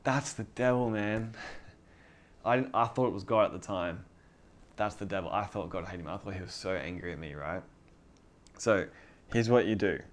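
A man's voice: lowish voice, normal speed, pauses often. Man preaching in a conversational sermon. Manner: conversational, animated, acts out dialogue.

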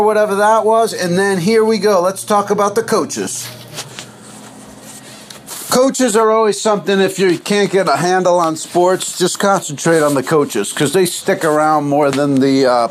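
A man hosting a podcast, talking in a loose, goofy, rambling monologue with big swoops in pitch. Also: measured pace, a little hiss or hum. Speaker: podcast host.

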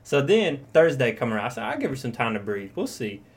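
A man's voice: mid-range voice, sing-song, quick pace. A young man co-hosting a casual chat, rambling and profane, acting out quoted lines as he tells stories. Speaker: podcast co-host.

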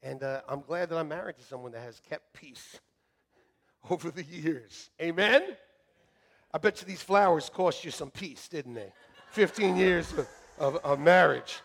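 Animated high-voiced preaching man. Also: a little slow, gravelly. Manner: animated, jokey, swings from shouting to hushed. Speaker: pastor. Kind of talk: sermon. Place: church sanctuary.

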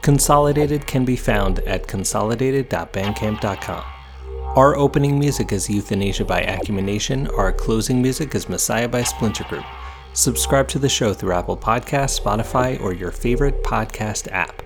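A man's voice: fairly low pitch, normal speed. A male podcast host reading the episode credits and show announcements in a scripted way. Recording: clear music bed under the voice.

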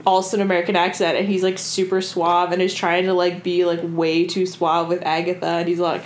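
A woman's voice: lowish voice, little pitch movement, brisk, hardly any pauses. A woman co-host talks loosely through a book she has read, full of fillers and cursing. Her voice bounces around an echoey room. A faint background noise sits under it. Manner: chatty, lots of fillers and swearing, laughs often. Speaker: podcast co-host. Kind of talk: casual book discussion chat.

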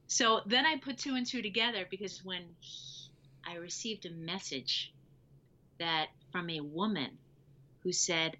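A woman telling her personal story as an interview guest, lively and acting out the dialogue she recalls. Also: fairly low pitch, unhurried, muffled recording. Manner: animated, acts out quoted dialogue.

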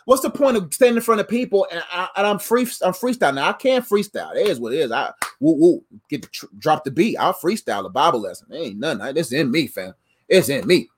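Man, preacher, casual motivational sermon; animated, repetitive, lively voice. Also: a little high, fast, husky. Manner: animated, repetitive, playful, calls audience fam.

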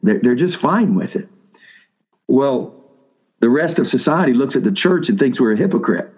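A man's voice: mid-range voice, animated, normal speed, darkish tone, breathy edge, lo-fi sound. A man preaching a sermon to seminary students, talking casually with restarts and questions to the room. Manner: conversational preaching with frequent restarts and questions to the audience. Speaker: pastor speaking to seminary students.

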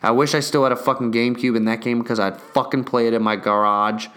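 A man's voice: mid-range voice, fast. A young man ranting casually about games and a delivery mix-up, swearing constantly and getting worked up as he rambles. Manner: profane, excitable, restless storytelling.

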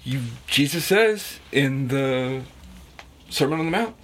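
A man's voice: medium pitch, animated, takes it slowly, fairly bright tone. A man reflecting on a Bible passage in casual discussion, building emphasis as he goes. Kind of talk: casual Bible study chat.

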